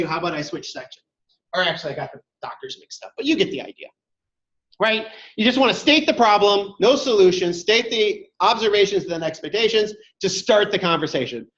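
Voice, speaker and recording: A man with a high-pitched, slightly bright voice runs a classroom workshop, talking directly and casually while answering questions from attendees. The audio is lo-fi and dull, with an echoey room.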